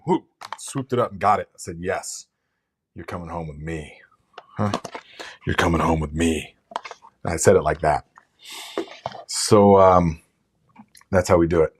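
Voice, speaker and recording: A man hosting a casual live gardening Q&A, chatty and rambling, with lots of fillers and restarts. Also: medium pitch. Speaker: gardening channel host.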